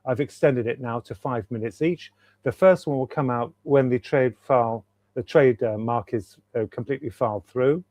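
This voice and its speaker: A man talks as a guest author on a video call, eager and rambling, circling back to repeat his points. His voice sits at an ordinary middle pitch. The sound is dry and close, with no room around it. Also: normal speed, a little mellow, no room sound. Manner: enthusiastic, rambling, repeats himself for emphasis. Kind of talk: casual interview chat.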